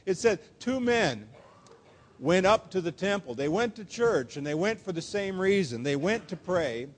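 A man preaching a sermon in an earnest, emphatic way, slowing down to stress quoted words. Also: high-pitched, lively intonation, a little hiss or hum. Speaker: pastor. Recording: long hall reverb.

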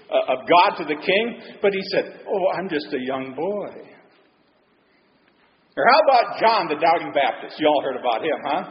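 A man preaching a sermon as a pastor, talking conversationally and peppering it with rhetorical questions. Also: high voice. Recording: echoey hall, dull lo-fi sound.

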